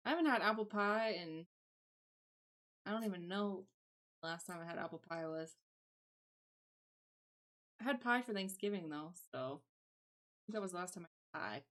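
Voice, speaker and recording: A woman's voice: medium pitch, lively intonation, normal speed, long pauses, fairly bright tone. A young woman with a light Southern twang, chatting away in a loose, rambling way while she streams from home. She reads her chat aloud and answers it as she goes, talking into a desk microphone in her own everyday voice. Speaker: livestreamer. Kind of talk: casual live-stream chat.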